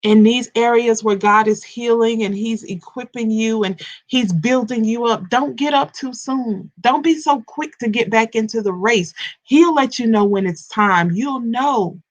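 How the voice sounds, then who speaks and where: Leading a live morning devotional, this woman coaches and ministers while addressing listeners directly, often repeating and stumbling into restarts. Her voice sits a little high, and she speaks unhurriedly with few pauses.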